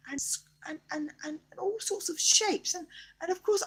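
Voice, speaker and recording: An older woman, a grandmother, telling a bedtime story in a soft, often whispered and hesitant way. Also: very high-pitched, normal speed.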